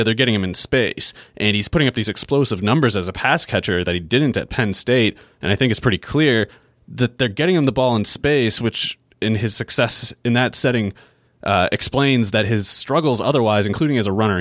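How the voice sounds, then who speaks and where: A man's voice: lowish voice, fairly bright tone, dry recording, clean studio sound. A man co-hosting a fantasy football podcast, working through long analytical explanations full of restarts in casual chat. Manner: thinks aloud in long run-on explanations, frequent restarts.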